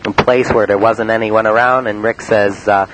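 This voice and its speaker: A man from Cleveland telling about his prank calls in a halting, rambling monologue full of uh and um. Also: lowish voice, steady tone, a bit bright, low-quality recording. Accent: Cleveland, Ohio. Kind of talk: rambling spoken-word monologue. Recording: faint hiss on an old cassette tape.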